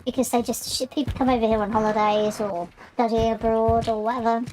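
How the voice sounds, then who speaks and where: A woman's voice: on the high side, little pitch movement, brisk, mellow, slight background noise. A woman from the UK chatting as she plays a game on stream, rambling and cutting herself off. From United Kingdom. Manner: rambling, self-interrupting, chatty. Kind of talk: casual chat while gaming. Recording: game gunfire in the background. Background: gunfire and clicks from the game.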